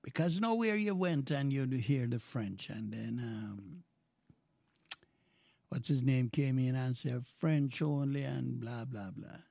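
A man's voice: mid-range voice, expressive, slow pace, vocal fry, a little mellow, no room sound, studio quality. An older man from Jamaica with a Jamaican accent, hosting a radio show in a rambling, folksy chat that slips into patois. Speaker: radio host.

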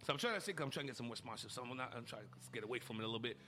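A man hosting a campus radio show in casual chat, laughing often and jumping into high squeals. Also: expressive, rapid-fire, sharp tone, soft background music.

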